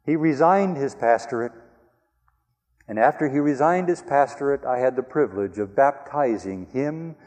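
Older pastor telling a story in a reverberant hall. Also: male voice, medium pitch, expressive, normal speed, darkish tone. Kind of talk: storytelling sermon.

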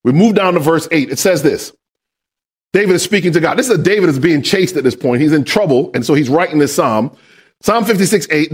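High-voiced lively preaching man. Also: fairly quick, slightly rough. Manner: call-and-response questions to the congregation; builds to shouted emphasis. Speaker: pastor. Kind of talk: sermon.

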